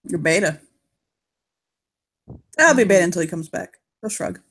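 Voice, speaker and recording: A woman's voice: lowish voice, expressive, normal speed, a bit bright, breathy edge. A woman narrating and playing characters in an improvised tabletop role-playing game, laughing often and swearing casually. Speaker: player.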